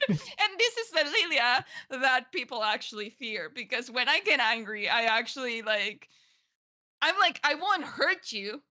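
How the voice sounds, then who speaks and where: A woman co-hosting a casual podcast chat, telling stories with plenty of expression. Her voice is bright and forceful, and it sits a little high. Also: moderate pace. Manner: expressive storyteller, loud outbursts and laughter.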